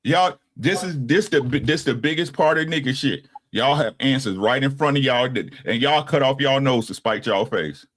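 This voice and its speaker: A man in his sixties co-hosts a casual talk show on a podcast, speaking at a normal speed with almost no pauses. His medium-pitched voice is slightly bright, and he talks bluntly with plenty of swearing, often ending his points with "right?".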